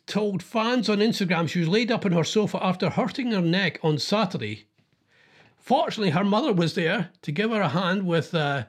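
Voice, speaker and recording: A man's voice: high-pitched, husky. A man hosting a casual chat about news stories, rambling and thinking aloud as he goes.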